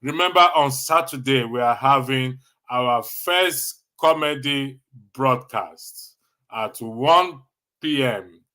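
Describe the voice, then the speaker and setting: This medium-pitched livestream host speaks with a Nigerian accent, keeping things casual as he replies to the chat. Frequent chuckles give his talk a teasing, lively feel.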